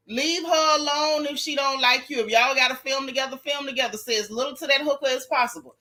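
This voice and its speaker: Sassy lady dishing on reality tv, bright kinda high voice. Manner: sassy, animated, reads chat aloud. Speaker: show recap host. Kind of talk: casual gossip commentary.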